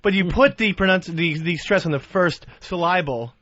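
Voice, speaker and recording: A man's voice: sits high, normal speed, a bit bright, no room sound. A man on a talk radio show teasing a co-host, stammering a little as he talks. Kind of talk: casual talk radio banter. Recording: dull, dry studio broadcast sound.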